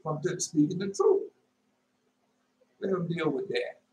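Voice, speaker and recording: A man preaching informally and telling a dream, emphatic, repeating his phrases and jumping into sudden high shouts. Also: sing-song, a little slow. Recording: echoey room with faint noise.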